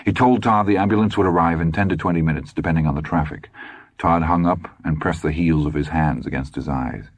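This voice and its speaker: A man narrating an audiobook in a measured, tense storytelling manner. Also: a bass voice, no echo.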